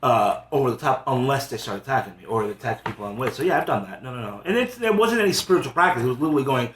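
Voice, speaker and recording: A man's voice: mid-range voice, rapid-fire. A man on a comedy podcast telling stories in casual chat, acting out the angry lines of the people in them. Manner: animated storyteller, acts out heated quotes. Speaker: podcast host. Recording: echoey room with background noise.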